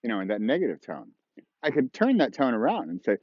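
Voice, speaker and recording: Guy doing a playful outdoor writing lesson, pitch all over the place, kinda dull dry sound. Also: sing-song, rapid-fire, no echo. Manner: playful, acts out tones and imagined dialogue. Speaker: writing course teacher. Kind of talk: casual outdoor video lesson. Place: outdoors on a snowy slope with skiers passing.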